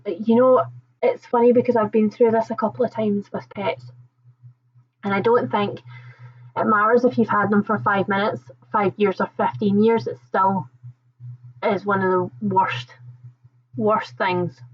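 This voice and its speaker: A chatty woman with a lightly Scottish accent hosts a relaxed book livestream, talking warmly to her viewers, reading their comments aloud and laughing easily. Her voice sits at an ordinary middle pitch for a woman. The sound is dull and lo-fi. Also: unhurried, pauses often, husky. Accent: Scottish, toned down. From Scotland. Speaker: book channel host.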